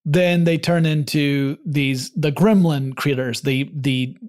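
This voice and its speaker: Hombre copresentador explicando con calma, voz algo aguda. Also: male voice, fairly high pitch, takes it slowly. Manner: explanatory, relaxed storytelling with restarts. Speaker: podcast co-host. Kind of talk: casual chat.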